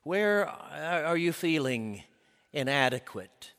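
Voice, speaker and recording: A male preacher delivers a sermon at a slow, deliberate pace, his slightly high voice ringing with the long reverb of a large hall. He is emphatic and builds his points, then sinks to a hushed intensity. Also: big pitch swings, creaky.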